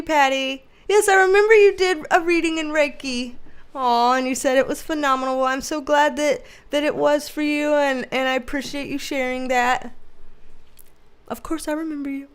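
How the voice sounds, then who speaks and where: A high-pitched woman with a nasal voice chats loudly and bubbly on a livestream. She laughs often as she answers viewers and keeps the tone casual. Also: measured pace, pauses often. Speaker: tarot reader and livestream host. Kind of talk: casual livestream chat reading viewer comments.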